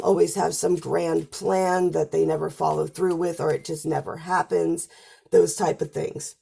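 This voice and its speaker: A woman's voice: deep voice, vocal fry, mellow, slightly rough. A woman giving a casual spoken astrology and tarot forecast, chatty and talking straight to viewers, her voice wearing out as she goes. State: losing her voice.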